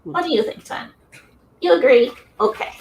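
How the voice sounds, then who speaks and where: A woman's voice: sits high, animated, normal speed, far from the mic, lo-fi sound, slight background noise. A woman co-hosting a casual chat, sometimes cooing at her pet chinchilla. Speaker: podcast co-host. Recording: roomy, from off-mic.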